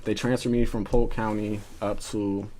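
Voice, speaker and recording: A young man with a voice pitched slightly low. He tells his story in a loose, laid-back podcast chat. Swearing comes easily in his casual speech. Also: level tone, moderate pace, dark tone, a little hiss or hum. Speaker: guest.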